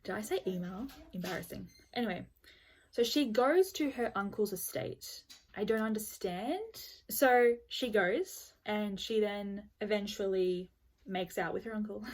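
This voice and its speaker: Woman, casual book review vlog, blunt, exasperated, lots of "like", mid pitch. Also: a little slow. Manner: blunt, exasperated, peppered with "like" and swearing.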